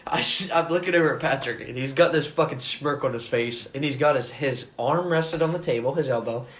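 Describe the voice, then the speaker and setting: A man's voice: mid-range voice, fairly quick. A young man co-hosting a podcast, telling a profane school story with lots of laughing. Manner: animated, swears constantly, laughs while telling. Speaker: podcast co-host. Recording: roomy echo, faint noise.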